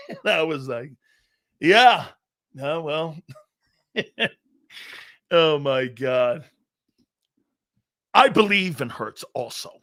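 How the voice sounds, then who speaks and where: Boisterous, bright-voiced sports talk host. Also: male voice, mid-range voice, lively intonation, slow pace, pauses often. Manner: boisterous, laughs often, tells anecdotes. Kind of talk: live sports talk show chat.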